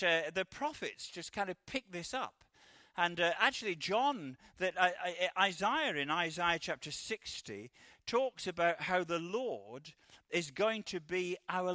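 A man gives a chatty sermon, his voice high and bright. He stumbles and restarts, then acts out the quoted voices. The sound is dry and close. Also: expressive, a little slow, no room sound. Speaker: preacher.

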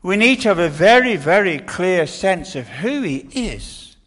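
A man's voice: sits high, big pitch swings, measured pace, a bit bright. An older man preaching an earnest sermon, often restarting his words.

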